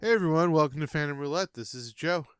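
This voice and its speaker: A man co-hosting a casual podcast chat, rambling and halting as he trails off softly. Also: a little high, faint music behind. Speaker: podcast co-host.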